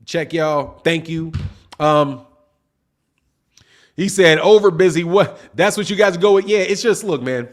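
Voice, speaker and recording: A man's voice: on the high side, measured pace, long pauses. A man hosting a casual boxing livestream, reading chat messages and talking in laid-back slang. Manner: laid-back slangy talk, says man and dog often. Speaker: boxing channel host.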